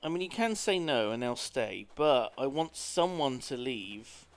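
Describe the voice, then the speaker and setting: A man streams a video game, rambling casually and tossing in playful asides. His voice is medium-pitched and animated at a measured pace, with faint game music behind him.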